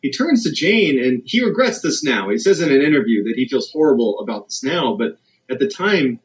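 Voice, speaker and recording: A man's voice: sing-song, a little fast, low-quality recording. A man narrating a dramatic true scary story, building suspense as he goes. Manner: suspenseful, builds tension with rising pitch.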